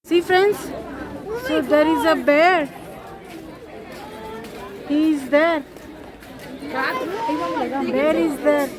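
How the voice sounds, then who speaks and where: A woman's voice: high-pitched, extremely slow, long pauses, background noise. A woman hosting a walking tour vlog outdoors, chatting to her viewers as friends. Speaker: vlog host. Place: outdoor zoo among visitors. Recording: crowd of visitors behind.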